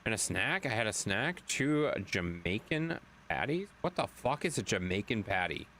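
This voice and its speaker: A man's voice: lowish voice, big pitch swings, normal speed, sharp tone, slight background noise. A man streaming a game late at night, reading chat aloud in a chatty way, swearing now and then.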